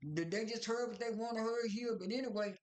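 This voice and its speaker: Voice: mid-range voice, a little fast, echoey room. A speaker casually recapping a reality show at home, rambling through scenes with many fillers, restarts and retold dialogue.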